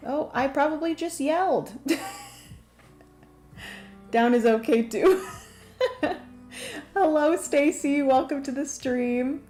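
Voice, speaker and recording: An excitable young woman hosts a livestream, chatting casually and laughing often as she greets viewers. Her voice sits a bit high, and faint music plays quietly behind her. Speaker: livestream host. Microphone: desk microphone.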